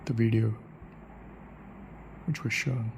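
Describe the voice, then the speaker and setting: A man summing up his thoughts in a casual spoken way, musing aloud with halting pauses and questions to himself. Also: lowish voice, fairly even intonation, creaky, slight background noise, poor audio. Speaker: channel host.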